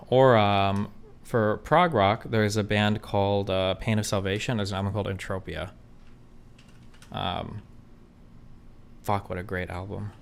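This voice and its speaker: A man's voice: fairly low pitch, steady tone, unhurried, creaky, pauses often, slight background noise. A man chatting casually with viewers, answering their questions in a blunt, profane, rambling way with lots of fillers. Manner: reads viewer questions aloud. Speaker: streamer answering chat questions. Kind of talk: casual chat.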